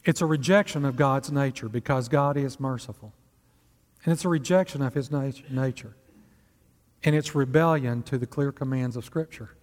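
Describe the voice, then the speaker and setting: Speaking at a normal speed with a darkish, medium-pitched voice, a man preaches to his congregation in a conversational style. He keeps asking them rhetorical questions, and long hall reverb surrounds his words.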